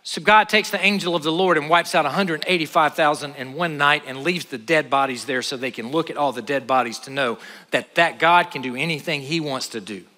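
A man preaching a sermon to an audience, animated and acting out scripture scenes in quick voices. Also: fairly high pitch. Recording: long hall reverb.

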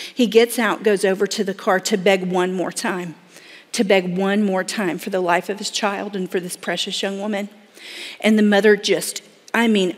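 Woman, dramatic storyteller, acts out quoted voices, middle pitch, long hall reverb. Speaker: speaker telling a story to an audience. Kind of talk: emotional storytelling talk.

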